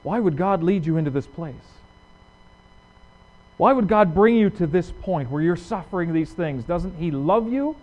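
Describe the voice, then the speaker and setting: A male pastor preaching a sermon, asking rhetorical questions and swinging from loud emphasis to hushed lines. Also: sits high, lively intonation, normal speed. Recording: dull lo-fi recording.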